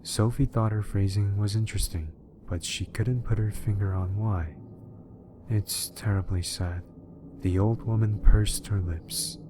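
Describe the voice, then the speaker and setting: A man reading a horror story aloud as scripted narration, in a measured, even manner. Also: sits low, noisy background.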